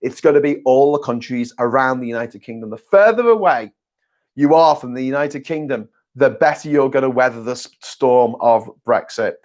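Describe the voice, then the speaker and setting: A man's voice: mid-range voice, normal speed, darkish tone. A man, hosting a casual live chat, reading viewer messages and talking bluntly and sarcastically, with plenty of swearing. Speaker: host.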